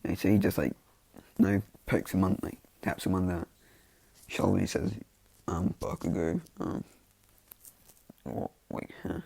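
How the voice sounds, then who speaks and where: A man's voice: low-pitched, fairly even intonation, normal speed, gravelly, pauses often, mellow, breathy edge, dry recording. A man casually telling a fan story, rambling and full of fillers.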